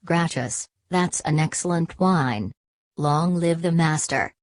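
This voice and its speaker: A woman voicing a nervous, deferential male visitor in a read-aloud story, in a calm, measured way. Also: low voice, no room sound, clean studio sound. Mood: earnest.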